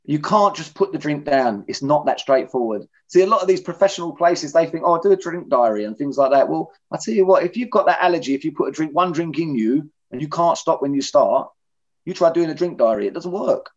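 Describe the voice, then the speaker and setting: A man's voice: a little high, animated, a little fast. A middle-aged man, candidly telling his own story in an interview, blunt and plain-spoken. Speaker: interviewee in recovery. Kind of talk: personal testimony in conversation. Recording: dull lo-fi recording.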